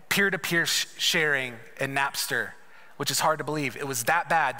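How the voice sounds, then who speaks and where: A man with a high, bright voice delivers a conference sermon, weaving personal testimony into loose, conversational storytelling with playful asides. He speaks from the stage of a large church sanctuary, and his voice rings out with a long reverb.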